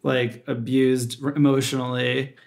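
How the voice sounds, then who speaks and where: A man's voice: medium pitch, little pitch movement, unhurried, vocal fry, darkish tone. A man co-hosting a podcast in casual chat, joking and crude, and laughing often. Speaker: podcast co-host.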